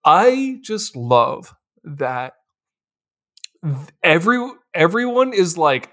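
Lively laughing podcast co-host man. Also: fairly high pitch, unhurried. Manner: laughs often, animated, swears casually. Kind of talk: casual chat.

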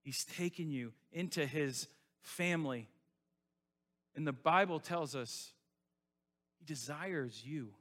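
Man preaching with loud-soft swings. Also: slow pace, long pauses. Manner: swings from loud rising appeals to soft hushed lows; repeats phrases for emphasis. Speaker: pastor. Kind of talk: sermon.

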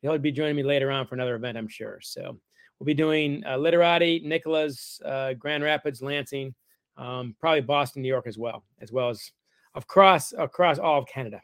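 A middle-aged man, a guest author, telling stories in a wry, animated way during a casual interview. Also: medium pitch, fairly quick, no room sound.

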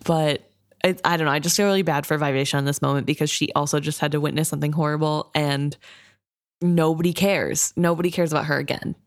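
A woman's voice: sits low, steady tone, quick pace, no echo, studio quality. A woman co-hosting a book podcast, talking over the story in a chatty, sympathetic way. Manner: chatty, sympathetic, many "I think" asides. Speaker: podcast co-host. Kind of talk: casual book discussion.

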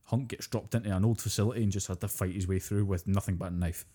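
Fast-talking man, deep and mellow. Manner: animated storyteller, swears freely, acts out quotes. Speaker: podcast co-host. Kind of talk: casual chat about video games.

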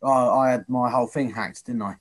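Husky, teasing man. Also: medium pitch, fairly even intonation, a little fast. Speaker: podcast co-host. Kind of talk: casual chat.

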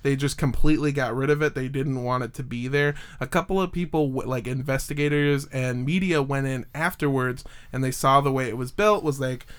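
Casual chatty podcast man, smooth voice. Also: mid-range voice, steady tone, fairly quick, hardly any pauses. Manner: rambling with fillers, jokey. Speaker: podcast host. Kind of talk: casual chat, telling a story.

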